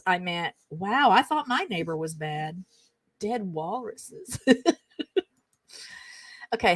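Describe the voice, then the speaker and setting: A woman's voice: a little high, no echo. A middle-aged woman hosting her own show, chattily reading funny texts aloud and breaking into giggles. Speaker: show host. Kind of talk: casual reading aloud and chat.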